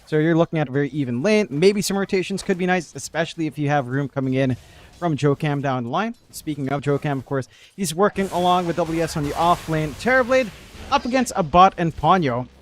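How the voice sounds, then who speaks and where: A man's voice: on the high side, animated, a little fast, a little hiss or hum. A man commentating a live esports match, breaking down the game analytically and joking with his co-caster.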